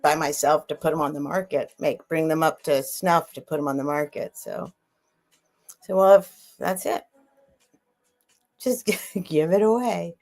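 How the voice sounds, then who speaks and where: A middle-aged woman with a low-pitched, slightly mellow voice speaks unhurriedly and pauses often. Hosting a live sale stream, she chats casually, rambling with restarts and trailing off as she reads viewers' comments and answers them.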